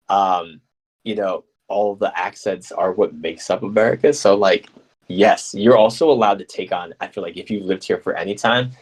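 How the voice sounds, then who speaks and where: A man hosting a live radio show, chatting casually and reading scripture aloud, playful and quick to laugh. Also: on the low side, a little mellow, slightly rough, poor audio. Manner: playful, laughs often, slips into mock accents.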